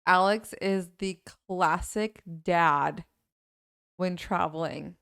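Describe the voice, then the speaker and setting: A woman's voice: lowish voice, takes it slowly, gravelly, fairly bright tone, smooth, no echo, studio quality. A young woman co-hosting a podcast in casual chat, with a blunt, teasing manner. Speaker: podcast co-host.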